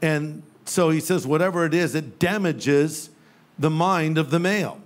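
Older male pastor preaching, light and funny, voice a touch high. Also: measured pace. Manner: humorous storytelling with playful quoted voices. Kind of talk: sermon. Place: church sanctuary with live audience.

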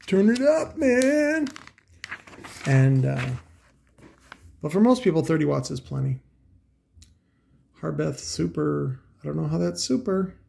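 A man talks through a loose, rambling commentary, sarcastic and quick to swear. His voice is gravelly and dark, and it sits a little high for a man. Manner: profane, sarcastic, full of asides. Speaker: host.

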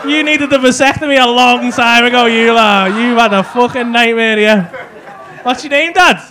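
Brash high-voiced Liverpool comedian. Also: male voice, moderate pace. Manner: brash, sweary, teasing banter. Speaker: stand-up comedian. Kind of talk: live stand-up crowd work. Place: comedy club stage. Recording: live club with loud crowd laughter.

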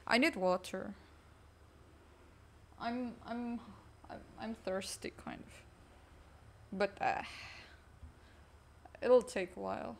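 A woman streaming a game, chatting casually with teammates in a low, weak, energy-saving way. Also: extremely slow, gravelly, long pauses. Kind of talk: casual live-stream chat while gaming.

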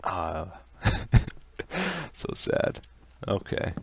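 A young man giving let's play commentary on a video game, easily startled into yelps and laughs between calm, musing remarks. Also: sits low, very slow, creaky, breathy edge. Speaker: gaming commentator.

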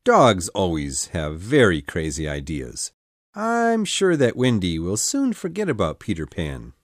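Here is a doubting storybook father who brushes off his children's fancies with a scoffing, matter-of-fact air, as a man plays him. His voice sits low but swoops widely up and down. The sound is close and dry. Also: huge pitch swings, a little slow, dry recording, exaggerated voice. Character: dismissive grown father, skeptical and brisk.

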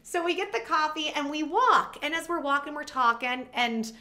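A woman vlogger chats straight to her viewers in a high, lively voice. Her tone is bright and a little sharp, and she tells her story in an animated, casual way with quick asides.

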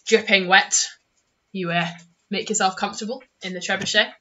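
A woman narrating a tabletop game as game master, telling the story in an animated, giggly way. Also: mid-range voice, normal speed, muffled recording.

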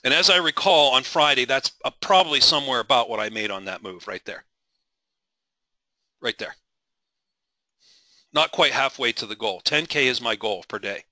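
Give me a passionate, bright-voiced man teaching traders. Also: mid-range voice, lively intonation, moderate pace, long pauses, no room sound, low-quality recording. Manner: passionate, driven, rambling with frequent restarts. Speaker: trading webinar instructor. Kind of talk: live webinar teaching.

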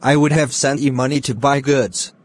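A man voicing a wealthy, secretly wicked uncle in a Christian cartoon, speaking in a bossy, scornful way with a husky voice. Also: mid-range voice, fairly even intonation, moderate pace, close to an everyday voice. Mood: concerned. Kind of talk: Christian animation voice acting.

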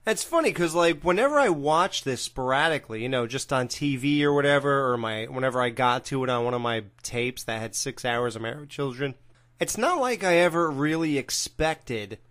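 A man's voice: medium pitch, lively intonation, normal speed, fairly bright tone. A man co-hosting a podcast, recapping a sitcom episode in a laid-back, rambling way and laughing often. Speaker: podcast co-host.

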